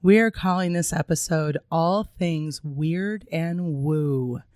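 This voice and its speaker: A woman co-hosting a podcast, with a raspy voice made hoarse by a sinus infection, reading show details slowly and plainly. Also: low-pitched, darkish tone, no echo, studio quality. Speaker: podcast co-host. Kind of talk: casual podcast chat.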